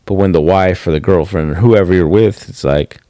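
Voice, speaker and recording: Low-voiced man telling rambling stories. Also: a little fast, dark tone, no echo, studio quality. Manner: rambling storytelling, swearing, acting out quotes. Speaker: podcast co-host. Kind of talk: casual chat.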